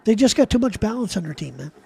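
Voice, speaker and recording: A man's voice: high voice, vocal fry, warm tone, slight background noise. A man streaming live, ranting in a heated, profane, rambling way to his chat. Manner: rambling with frequent restarts. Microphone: desk mic while gaming.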